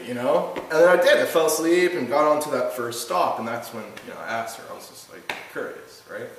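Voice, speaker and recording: A man from Canada, a guest telling casual travel stories in an animated way, often tagging his lines with "right?". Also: fairly high pitch, quick pace, hardly any pauses. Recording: echoey room, distant mic, faint noise.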